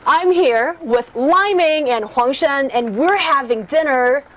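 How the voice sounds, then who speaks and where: A chatty woman with a fairly high voice hosts a relaxed live meal, laughing and talking while she eats. The sound is a little dull, with faint noise behind her. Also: slow pace. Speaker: host. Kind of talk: casual live food chat. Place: indoors at a restaurant table.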